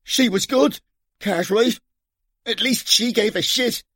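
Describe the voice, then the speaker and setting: A man's voice: extremely high pitch, slow, fairly bright tone, dry recording, studio quality, pitched above the performer's own voice, heavily acted. A man with an Irish accent voicing a surly, frightened young man on a ledge who answers in sullen, snapping retorts.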